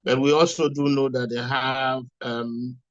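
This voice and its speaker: A man's voice: medium pitch, little pitch movement, a little slow, dry recording, lo-fi sound. A man moderating an online webinar, upbeat and using many fillers. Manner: upbeat, filler-heavy speech.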